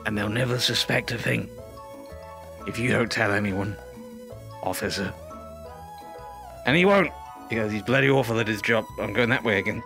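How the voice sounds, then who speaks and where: A VR gameplay streamer with a gravelly, medium-pitched voice gives theatrical, rambling commentary while hamming it up as a drunk character. It's comedic VR commentary throughout.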